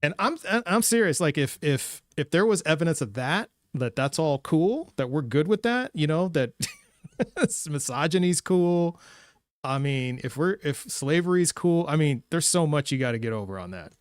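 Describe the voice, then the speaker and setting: A man's voice: a little high, normal speed, dry recording, clean studio sound. Emphatic man hosting a live debate. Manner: animated, emphatic, repeats words. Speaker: livestream debate host. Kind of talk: casual chat.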